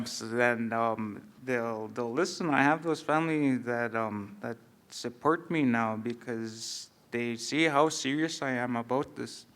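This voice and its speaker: Hesitant reflective man, smooth voice. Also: mid-range voice, a bit bright. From grew up on a reserve. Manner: hesitant, reflective, many fillers and restarts. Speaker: panelist. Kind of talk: panel discussion.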